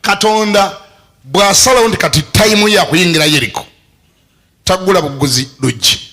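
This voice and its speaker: Bishop, man, fairly high and bright voice, lively sermon with laughter and sudden shouts. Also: fairly quick, husky. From Uganda. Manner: animated, laughing, bursts into shouts.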